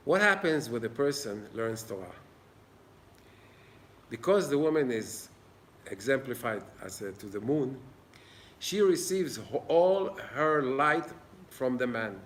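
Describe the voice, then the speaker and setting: A man's voice: mid-range voice, lively intonation, moderate pace, fairly bright tone. A man giving an informal Torah class in an old synagogue, earnest and plain-spoken. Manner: earnest, plain-spoken, acts out little dialogues. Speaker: Torah teacher.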